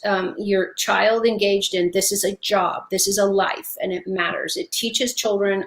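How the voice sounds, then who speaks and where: A middle-aged woman, a guest in a casual interview, telling lively stories and laughing often. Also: mid-range voice. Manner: animated storyteller, laughs often.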